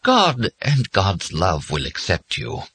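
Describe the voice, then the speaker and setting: A man voicing an elderly male machine confessor that speaks slowly and intones its advice, in an audiobook reading. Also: sits low, huge pitch swings, slightly rough, no room sound, exaggerated voice. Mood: gentle. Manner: slow, intoning, shifting from gentle to stern.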